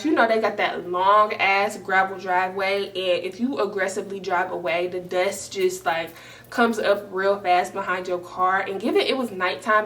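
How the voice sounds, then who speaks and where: A young woman vlogger telling a story in an animated, emphatic, profane way. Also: medium pitch, far from the mic. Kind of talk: storytime vlog.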